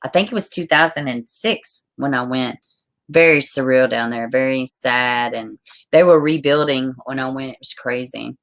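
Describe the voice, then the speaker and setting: A live streamer with a very deep voice talks at normal speed, rambling casually to her viewers. She swears often and trails off mid-thought.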